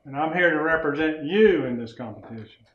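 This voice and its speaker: A man's voice: fairly high pitch, expressive, brisk, reverberant, muffled recording, a little hiss or hum, lightly acted. A man playing a plain-spoken cowboy sharpshooting champion. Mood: firm.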